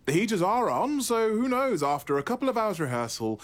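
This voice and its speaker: An actor playing a chirpy, jokey amateur theatre director. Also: male voice, high-pitched, very animated, brisk. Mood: jolly. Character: jolly amateur theatre director, man, middle-aged.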